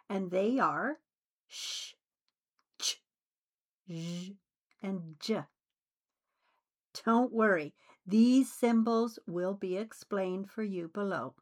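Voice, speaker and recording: Slow, deliberate woman teaching pronunciation. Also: a little high. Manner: deliberate, carefully enunciated delivery. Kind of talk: slow scripted instruction.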